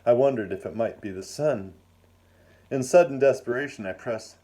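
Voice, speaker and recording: A man reading his own first-person story aloud in a measured, wry and formal manner. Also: mid-range voice, warm tone.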